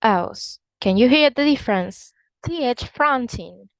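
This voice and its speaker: A woman's voice: high-pitched, animated, no echo. Woman explaining English pronunciation. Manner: explanatory, models pronunciations slowly. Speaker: English teacher. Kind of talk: online language lesson.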